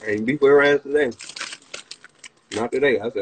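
A young man with a Washington DC area accent rambling to viewers on a livestream from a phone. He is profane and excitable, and he jumps into high, yelped quotes. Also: quick pace, pauses often, slight background noise.

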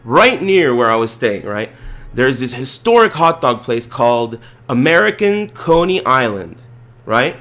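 A man streaming, telling a casual, profane, rambling story with animated delivery. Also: medium pitch, a little slow.

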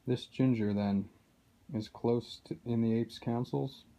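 A man's voice: mid-range voice, steady tone, a little slow, dark tone, natural voice. A man reading aloud as a noble young king with formal, old-fashioned speech. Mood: indignant.

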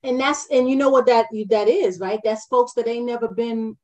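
A woman hosting a podcast interview, chatty and quick to laugh. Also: a little high, steady tone. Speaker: podcast host. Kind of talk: casual interview.

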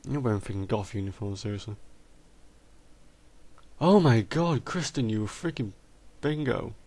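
A man's voice: on the low side, animated, a little slow, darkish tone. A man sits at his computer with a headset mic, narrating his gameplay in a casual, chatty way. He gets exasperated, swears mildly and talks straight to the characters on screen. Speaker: gamer doing a let's play.

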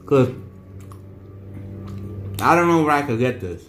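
A man's voice: mid-range voice, lively intonation, unhurried, a bit bright, echoey room, slight background noise. A man talking casually as he reviews noodles for his vlog, rambling and restarting his sentences often. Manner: rambling, repeats himself with many restarts and fillers. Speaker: vlogger.

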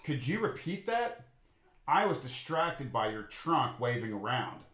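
A man's voice: mid-range voice, big pitch swings, a little slow, a bit bright, reverberant. A man reading a storybook, voicing an eager, hopeful male duck who asks politely to join. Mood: earnest.

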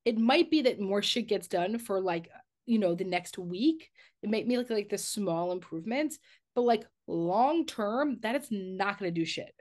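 A woman's voice: medium pitch, expressive, moderate pace, darkish tone. Blunt, candid woman podcast co-host. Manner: candid and blunt, swears casually, many "like" fillers. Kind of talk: casual podcast conversation.

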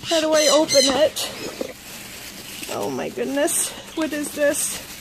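A woman's voice: high voice, slow. A woman opening a gift box on her vlog, gushing and breaking into laughing fits. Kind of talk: casual unboxing vlog. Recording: noisy home recording.

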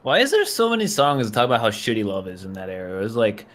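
A man's voice: lowish voice, huge pitch swings, fast talker, fairly bright tone. A man rambling and joking in a casual gaming chat.

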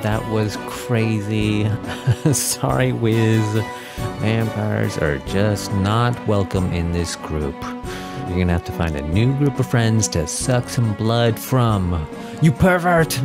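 A man's voice: lowish voice, slow pace, loud music behind the voice. A tired man hosting, reading a thank-you from his screen, a little emotional. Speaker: host.

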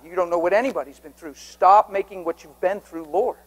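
Impassioned high-voiced preacher. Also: male voice, a little fast, low-quality recording. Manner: impassioned, swings from hushed whispers to loud urgent emphasis. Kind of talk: sermon. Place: church sanctuary before a congregation.

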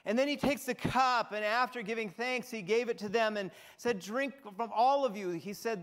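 A man, a pastor, preaching a sermon and retelling scripture with expressive storytelling. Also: very high-pitched, normal speed, few pauses, big-room sound. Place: church sanctuary.

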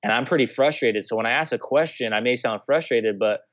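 A man's voice: medium pitch, brisk, fairly bright tone, no room sound. Rambling man with a dull, dry sound. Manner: rambling, many restarts and "you know". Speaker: guest, former pro baseball player. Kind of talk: casual conversational interview.

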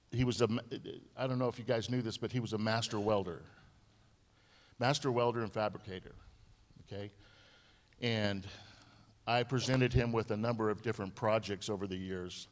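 A man giving a memorial eulogy in a church, telling anecdotes with repeated phrases and halting restarts. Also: on the low side, fairly even intonation. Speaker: eulogy speaker. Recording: long hall reverb.

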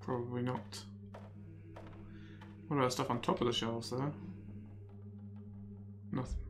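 A man's voice: medium pitch, steady tone, measured pace, music in the background. A man casually commenting on his game and reading in-game texts aloud, muttering to himself. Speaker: let's player.

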